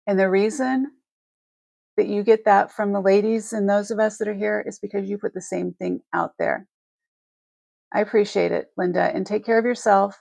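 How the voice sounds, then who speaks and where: Gravelly-voiced woman hosting a live stream. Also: medium pitch, steady tone, normal speed, darkish tone, dry recording. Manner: heartfelt and rambling, with many restarts. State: emotional, near tears. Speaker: host of a live jewelry selling stream. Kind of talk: live-stream chat to viewers.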